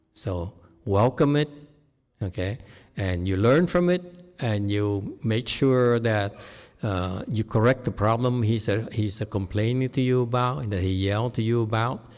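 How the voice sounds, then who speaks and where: A man teaching as a meditation master in a dharma talk, shifting from quiet murmurs to loud, laughing exclamations. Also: lowish voice. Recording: long hall reverb.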